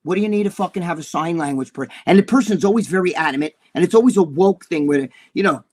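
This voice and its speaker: A man's voice: sits high, fast, darkish tone. A man in his sixties, co-hosting a casual chat and telling profane, heated stories. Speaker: co-host.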